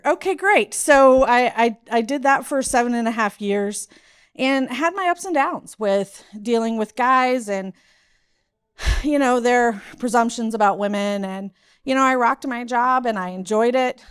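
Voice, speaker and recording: A woman's voice: on the high side, a little slow, smooth. A woman in her forties giving a chatty, self-deprecating conference talk about her career. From Southern US. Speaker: conference speaker.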